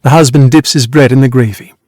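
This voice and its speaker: Man, audiobook narration, measured even reading, dry close mic, mid-pitched. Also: no room sound. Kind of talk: scripted literary narration.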